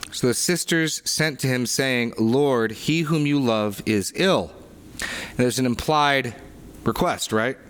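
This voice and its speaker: A man's voice: medium pitch, smooth. A man leading a sermon discussion, reading aloud and explaining with earnest emphasis and frequent restarts. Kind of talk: reflective teaching discussion.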